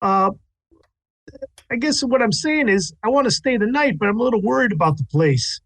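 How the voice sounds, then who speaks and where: High-voiced man playing a tabletop character. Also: animated, normal speed, gravelly, fairly bright tone. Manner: hesitant, haggling, with restarts. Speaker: player. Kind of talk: in-character tabletop role-play.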